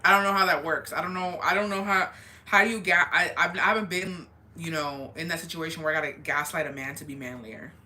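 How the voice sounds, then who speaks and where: Casual bright-voiced woman. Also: low-pitched, fairly quick, a little hiss or hum. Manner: profane, laid-back, slips between English and Spanish. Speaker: advice vlogger reading viewer confessions. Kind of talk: casual chat.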